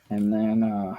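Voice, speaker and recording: Slow easygoing guy chatting on a noisy video call. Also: lowish voice, phone-quality sound. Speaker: co-host. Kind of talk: casual chat on a video call.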